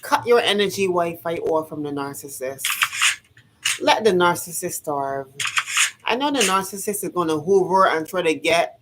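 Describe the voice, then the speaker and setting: Low-voiced woman giving a preachy vlog pep talk. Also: animated, moderate pace, heavy background noise. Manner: repetitive and emphatic, preachy, swears casually. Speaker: vlogger. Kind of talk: casual motivational vlog monologue.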